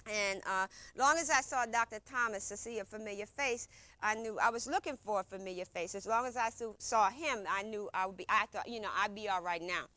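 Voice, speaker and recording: A woman's voice: medium pitch, fairly quick, bright, forceful tone, no room sound. A woman recounting a personal experience in casual, informal speech, often repeating herself and acting out what others said. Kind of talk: conversational personal storytelling.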